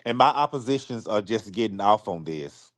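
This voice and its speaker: A man on a live stream apologizing to his supporters. He is close to tears, speaks haltingly, and often repeats himself or restarts his sentences. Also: lowish voice, lively intonation, no room sound.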